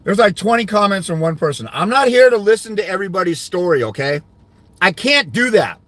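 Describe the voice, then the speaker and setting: A man's voice: sits high, very animated, brisk, fairly bright tone, no room sound. A man giving fathers' rights custody advice, ranting indignantly during a livestream while answering comments.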